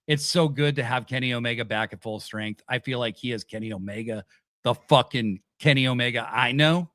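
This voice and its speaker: A man hosting a casual wrestling review chat, animated and swearing casually as he retells events. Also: medium pitch, a little fast, dry recording, studio quality. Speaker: podcast host.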